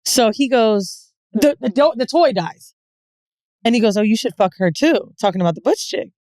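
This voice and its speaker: A woman's voice: a little high, expressive, normal speed, a little mellow, no echo. A woman in her thirties co-hosting a podcast, telling a story in casual chat, acting out the quotes and swearing freely. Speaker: podcast co-host.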